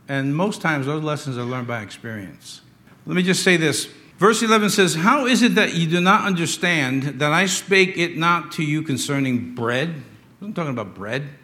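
A middle-aged man preaching a sermon as pastor of a church, emphatic, swinging from loud, drawn-out lines to hushed asides. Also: on the high side.

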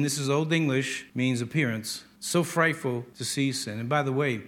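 An older man preaching a sermon as a pastor, emphatic and drawing out key words slowly for stress. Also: mid-range voice, fairly bright tone.

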